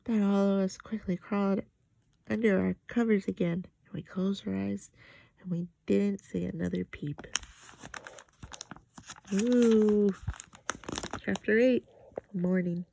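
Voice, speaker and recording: A woman's voice: mid-range voice, steady tone, slow, vocal fry, long pauses, warm tone. A woman reading a children's book aloud, narrating expressively in a childlike first-person voice. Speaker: storybook reader.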